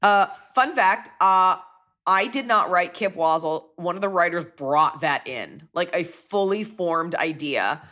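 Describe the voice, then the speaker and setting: A woman comedian in her forties chats loosely about her work and keeps slipping into quick accent impressions as she talks. Her voice sits a little low for a woman. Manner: animated, jumps into quick bits of accents and impressions. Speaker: comedian host answering fan questions. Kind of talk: casual chat.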